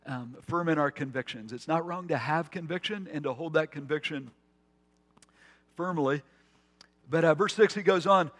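A man preaching a conversational sermon as pastor, with asides and restarts. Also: on the high side. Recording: long hall reverb.

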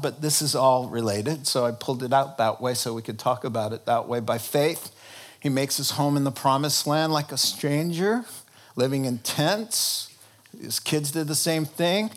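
A man preaching a sermon with a fairly high voice. He tells his points as lively, humorous stories and often restarts his phrases as he goes. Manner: animated, humorous storytelling with frequent restarts. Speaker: pastor.

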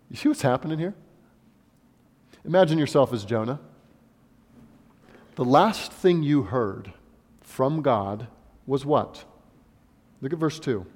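Guy preaching, pretty high voice, gets loud then drops real quiet, echoey church hall. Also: measured pace, long pauses. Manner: emphatic, swings from loud exclamations to hushed asides. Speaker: pastor. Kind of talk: sermon. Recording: long reverb of a large hall.

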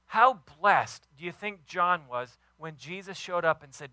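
A man preaching a sermon with enthusiastic, emphatic delivery, warm about his kids and his faith. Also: high-pitched, lively intonation, a little slow, no room sound, low-quality recording. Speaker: pastor.

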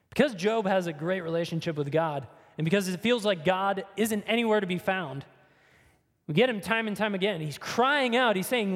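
A man preaching a sermon in an earnest, emphatic way, leaning on rhetorical questions. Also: sits high. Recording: long reverb of a large hall.

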